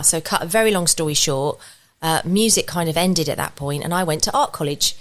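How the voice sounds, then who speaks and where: A woman's voice: on the low side, normal speed. A woman from England, a podcast guest, talking in a chatty, rambling storytelling way into a studio podcast mic. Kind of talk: casual podcast chat.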